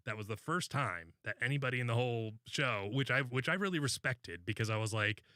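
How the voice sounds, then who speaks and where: Male podcast co-host, bright voice, meandering and profane, dry studio sound. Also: mid-range voice, expressive, a little fast, dry recording. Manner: rambling, loose, swears often. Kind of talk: casual podcast chat.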